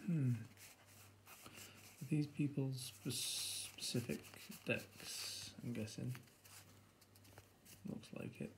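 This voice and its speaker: A British man hosting a board game unboxing, chatting casually and getting easily excited, laughing to himself. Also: medium pitch, extremely slow, creaky, long pauses, background noise.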